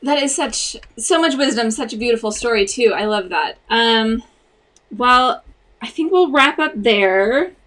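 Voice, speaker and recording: A woman's voice: on the high side, lively intonation, unhurried. Affirming woman interview host. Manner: warm, affirming, wraps up smoothly. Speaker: podcast host. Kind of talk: casual interview.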